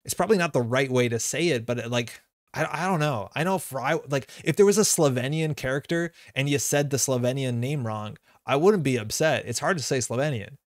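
A man from North America chats loosely with his live-stream viewers, rambling and correcting himself as he goes. His voice sits at an average pitch. The sound is dry and close, with no room around it. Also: a little fast, no echo. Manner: rambling, chatty, with frequent fillers and self-corrections. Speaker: streamer playing a card game live. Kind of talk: casual live-stream chat reading viewer comments.

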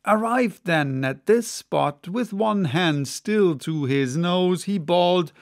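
A man reads a classic sea novel aloud as an audiobook, taking it unhurried and expressive. His voice is fairly high with a gravelly, creaky texture. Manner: measured, expressive reading. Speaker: audiobook narrator. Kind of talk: unabridged audiobook reading.

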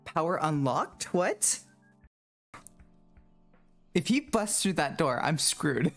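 A man streams a horror game, rambling and mocking himself, and bursts into screams and laughter when frightened. His voice is a little high, sing-song, slow and slightly bright, with faint music in the background.

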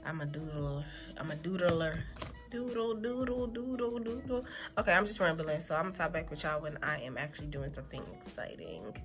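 Chatty woman vlogger, low-pitched. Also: fast talker, hardly any pauses, over music. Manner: rambling, chatty, laid-back. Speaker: vlogger and teacher. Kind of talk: casual chat. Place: classroom.

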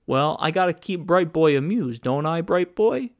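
A man's voice: fairly high pitch, lively intonation, normal speed, pitched above the performer's own voice, close to an everyday voice. A man voicing a talkative hired gunman who mocks and taunts as he speaks. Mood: sneering. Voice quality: sneering, mocking.

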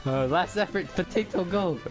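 A man doing loud, laughing, swearing commentary while playing a video game with a friend, often stammering. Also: high-pitched, normal speed. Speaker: gamer. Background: game music.

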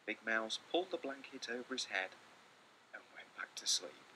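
A man reading a children's picture book aloud with lots of expression, often dropping into hushed whispers. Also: on the low side, animated, normal speed, a little hiss or hum, rough recording. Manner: theatrical, slipping into hushed whispers. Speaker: storyteller.

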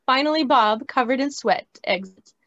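A woman reading stage directions at a script table read, in a plain, steady way, over a video call. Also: high voice, moderate pace. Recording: dry, muffled lo-fi audio.

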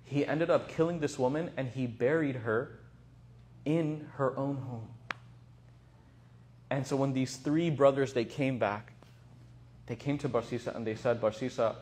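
A young man and religious teacher giving a casual storytelling talk in a lively, animated way. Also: mid-range voice, measured pace, pauses often.

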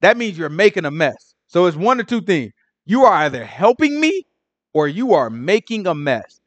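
A man's voice: high voice, very animated, normal speed, dry recording. A man leading an informal Bible study, talking casually, often asking "right?" and acting out characters in street slang. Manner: conversational, repeats "right?", acts out Pharisees in slang. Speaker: Bible teacher.

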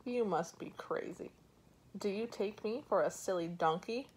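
A woman voicing a clever, calm female monkey who speaks lightly and teasingly in a storybook reading. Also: medium pitch, a little slow, slight background noise, lightly acted, low-quality recording. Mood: mocking.

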